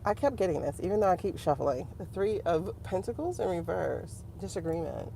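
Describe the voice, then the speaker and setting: Animated chatty woman livestreaming. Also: fairly low pitch, a little fast, creaky, slight background noise. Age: adult. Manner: chatty, animated, laughs often, talks to the chat. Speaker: livestream host and tarot reader. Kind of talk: casual livestream chat.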